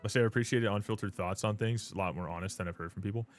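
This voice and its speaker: A man's voice: lowish voice, rapid-fire, faint music behind. A man chatting loosely on a live stream. He swears freely, laughs often and keeps calling people dude and brother. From Canada. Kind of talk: casual live-stream chat.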